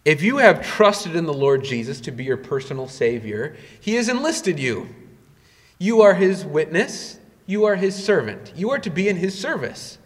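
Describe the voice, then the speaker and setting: A man's voice: very animated, normal speed, long reverb tail. A man preaching a sermon as a pastor, with emphatic rises and drops in his delivery. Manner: emphatic preaching with sudden rises in pitch and volume.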